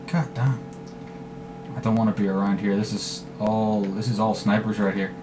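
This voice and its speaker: A man giving live commentary over his own shooter gameplay, swearing freely and trash-talking in bursts of excitement. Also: fairly low pitch, normal speed, background noise. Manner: profane, excitable trash talk. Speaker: gaming commentator.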